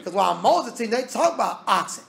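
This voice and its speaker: A man's voice: high-pitched, big pitch swings, fast, gravelly, a bit bright. Man teaching Bible study. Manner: reads scripture aloud and explains it in plain talk; casual Southern American grammar.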